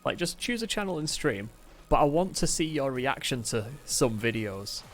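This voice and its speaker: Manc-yorkshire guy chatting on his stream, mid pitch, laughing a lot, bit of music in the back. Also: very animated, normal speed. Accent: mix of Manchester and Yorkshire. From England. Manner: chatty, laughs often, talks to chat. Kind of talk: casual live-stream chat. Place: home, mid-move. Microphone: desk mic, camera on temporary tripod.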